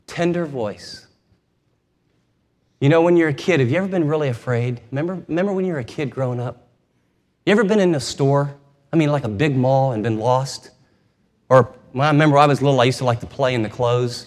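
A man preaching a sermon, retelling a scripture story in an animated way and acting out its scenes, in a long hall reverb. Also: a little high. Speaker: pastor.

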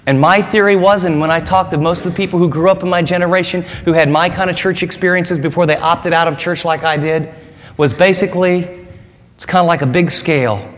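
A male pastor preaching with a high-pitched voice, emphatic and conversational, often posing rhetorical questions. His words hang in the long reverb of a large hall. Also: steady tone, brisk, fairly bright tone. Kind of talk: sermon.

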